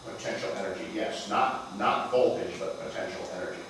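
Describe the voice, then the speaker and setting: In an echoey lecture hall, a physics lecturer with a low, fairly bright voice talks a little fast, playful and theatrical, often putting questions to the class. The recording sounds distant, with faint noise.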